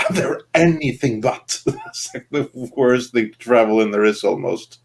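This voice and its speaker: A man's voice: mid-range voice, expressive, normal speed, vocal fry. Guy hosting the show, ums and uhs everywhere, chuckles along, plain mid voice. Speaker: host. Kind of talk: casual chat.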